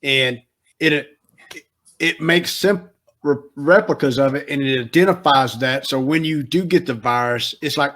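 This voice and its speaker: A man's voice: medium pitch, normal speed. A man co-hosting a podcast as the veteran, telling stories in casual chat and acting out what people said. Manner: animated storyteller, acts out quotes.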